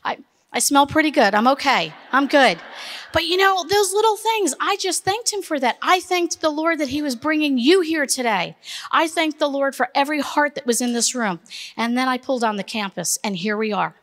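A middle-aged woman with a high voice gives a chatty, animated devotional talk to a room of women. She jokes with her listeners as she goes. Her voice carries a long reverb from the hall around her. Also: fairly quick. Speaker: women's ministry speaker.

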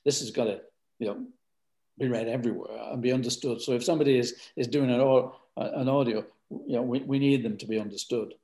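In a laid-back interview, a northern English author speaks as a guest with a medium-pitched, steady voice that is fairly quick and dark in tone. His talk rambles, with words often repeated.

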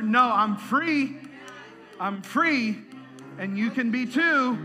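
A man preaching with a strikingly high voice, drawing his words out slowly and deliberately. He swings from spoken teaching to shouted praise and loud laughter, with music playing clearly behind him. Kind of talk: sermon.

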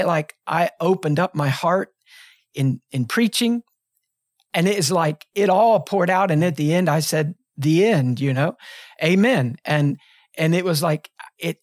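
A man's voice: on the high side, no echo, clean studio sound. A man in his fifties, a pastor, talking on a podcast in an earnest, reflective way with frequent restarts. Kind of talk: podcast conversation, telling a personal story. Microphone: close studio mic.

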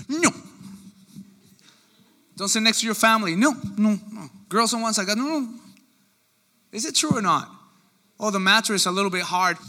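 A man preaching a sermon, animated and acting out the people he quotes. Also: high-pitched. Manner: animated, acts out quoted voices. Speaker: pastor.

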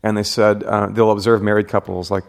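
A pastor hosting a relaxed conversation, his voice sitting a bit low. He speaks reflectively, pausing often with fillers and restarting phrases as he thinks aloud. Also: gravelly. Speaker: pastor and podcast host. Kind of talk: casual interview chat.

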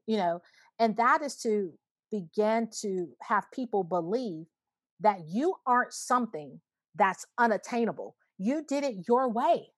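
A woman's voice: mid-range voice, lively intonation, a little slow, no room sound. Earnest woman in her thirties, dry close sound. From Alabama, USA. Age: 30s. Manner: earnest, reflective, speaks in bursts with frequent "you know". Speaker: podcast guest. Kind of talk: casual conversation.

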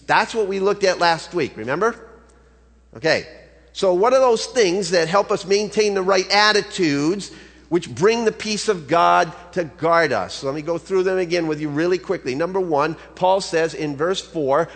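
A man's voice: high-pitched, animated, normal speed, a bit bright. Conversational man preaching in a hall. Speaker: pastor. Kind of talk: sermon. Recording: long reverb of a large hall.

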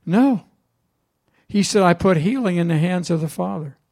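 A male pastor delivers a sermon in a conversational storytelling style, often turning to the congregation with questions. His voice is gravelly and sits slightly high for a man. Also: lively intonation, normal speed, a little mellow.

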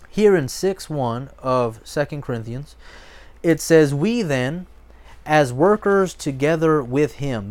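A man, preaching a sermon in an emphatic, repetitive way with lively asides. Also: medium pitch. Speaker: pastor.

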